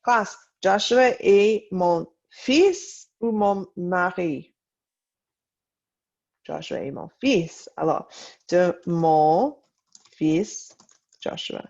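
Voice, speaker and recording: Slow, gravelly woman teacher, lo-fi. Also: lowish voice, darkish tone. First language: English. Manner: slow, deliberate modelling of French sentences. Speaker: French teacher. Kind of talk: recorded online lesson. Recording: dull lo-fi audio.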